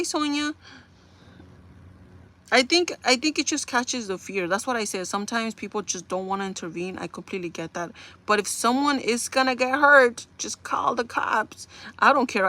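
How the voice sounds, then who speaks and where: A young woman chatting casually to viewers on a makeup livestream, telling stories in an animated, talkative way. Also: medium pitch, fairly quick.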